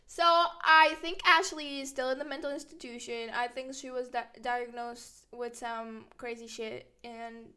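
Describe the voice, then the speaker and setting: A young woman casually telling a story-time tale in a brash, profane, animated way, acting out the others' lines. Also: fairly high pitch, measured pace, hardly any pauses. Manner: brash, profane, animated retelling with quoted voices. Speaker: storyteller vlogger.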